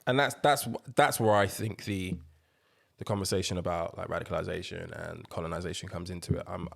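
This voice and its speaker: A man co-hosting a podcast, in a conversational, measured chat. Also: low-pitched, steady tone, creaky, fairly bright tone. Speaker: podcast co-host. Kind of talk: casual chat.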